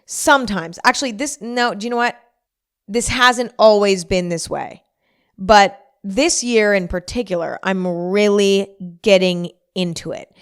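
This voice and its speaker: Young woman podcast host, casual chatty monologue, mid-pitched and smooth, acts out her inner voices. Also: a little slow. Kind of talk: casual solo podcast chat.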